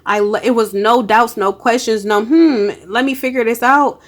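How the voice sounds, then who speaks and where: A woman's voice: on the high side, normal speed. Woman doing a card reading for her viewers, hyped and encouraging, lots of exclamations. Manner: emphatic, encouraging, exclamatory, uses colloquial speech. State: emotional. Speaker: spiritual card reader. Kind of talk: casual tarot-style energy reading.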